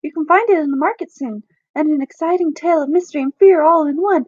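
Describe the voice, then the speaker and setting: A woman voicing a cheerful young woman giving an eager sales pitch for a game. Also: fast talker, a little mellow, no echo, muffled recording, natural voice.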